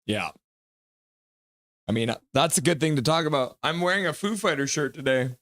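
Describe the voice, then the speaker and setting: A man hosting a live hockey watch-along stream, calling the plays casually, joking with chat and getting loud at goals. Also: fairly high pitch, normal speed, no echo, studio quality. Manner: excitable, jokey, shouts at goals. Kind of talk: casual play-by-play and chat reading.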